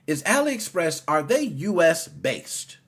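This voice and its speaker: Teasing, animated man hosting a podcast. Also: on the high side, takes it slowly, slightly rough. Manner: teasing, animated, swings between loud and quiet. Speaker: podcast host. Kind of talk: casual podcast chat.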